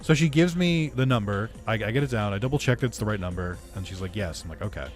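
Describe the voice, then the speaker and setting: Sarcastic gamer guy ranting and swearing, game music loud behind him. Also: lowish voice, lively intonation, quick pace. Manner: rambling, sarcastic, swears a lot, laughs mid-story. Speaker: gaming YouTuber. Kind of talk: casual storytelling while playing a game.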